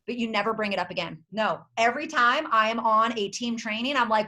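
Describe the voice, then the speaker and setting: A woman runs a leadership call for her sales team, her voice bright and ringing. She talks fast and emphatic, repeats her mission lines again and again, and her pitch leaps up when she gets excited. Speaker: network marketing team leader. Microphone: video or conference call.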